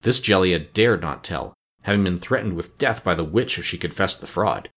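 Man, audiobook narrator, fairly low voice, measured storybook reading. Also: lively intonation, a bit bright. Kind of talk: scripted narration.

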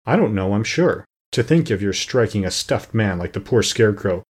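A man reading an audiobook, voicing an earnest young girl in a higher, indignant voice. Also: expressive, moderate pace, darkish tone, slightly rough. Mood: childlike.

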